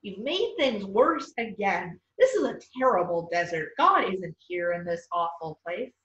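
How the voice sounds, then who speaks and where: A woman's voice: mid-range voice, big pitch swings, measured pace, fairly bright tone. A woman doing whiny complaining wanderers. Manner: whiny, accusing. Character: hungry, thirsty, complaining crowd of wanderers. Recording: echoey room, far off, dull sound.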